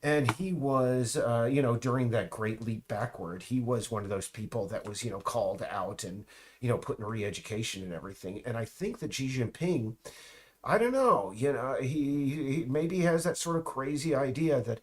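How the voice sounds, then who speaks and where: Speaking at a normal speed in a voice of ordinary pitch, this man wanders through a loose, rambling monologue. He breaks off and restarts, trails into asides, and keeps up a dry, mocking tone.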